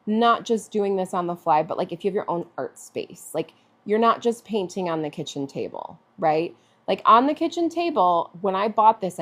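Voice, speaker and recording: A woman artist talking through a live painting demonstration in a chatty way, thinking aloud with fillers. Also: mid-range voice. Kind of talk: live-streamed painting demo.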